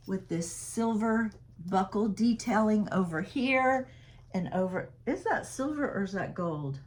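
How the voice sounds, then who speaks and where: A woman's voice: medium pitch, lively intonation, a little slow. Chatty woman selling purses. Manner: chatty, laughs often, talks straight to viewers. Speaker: resale seller. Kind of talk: casual sales haul vlog.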